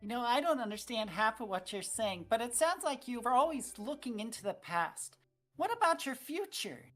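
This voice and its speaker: A woman voicing a curious, excitable girl of about twelve in a tabletop game, chirpy and full of questions. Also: fairly high pitch, moderate pace, faint music behind, pitched above the performer's own voice. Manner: chirpy, questioning, turns eerie.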